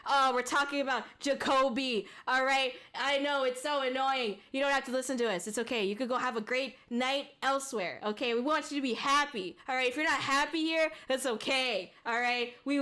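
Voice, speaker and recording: A young woman streamer chatting casually with her viewers, excitable and laughing often. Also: high voice. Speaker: VTuber streamer. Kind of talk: casual livestream chat.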